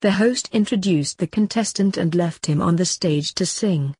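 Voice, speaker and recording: Woman reading a story, husky voice. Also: lowish voice, normal speed, dark tone, no echo, studio quality. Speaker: podcast host, author.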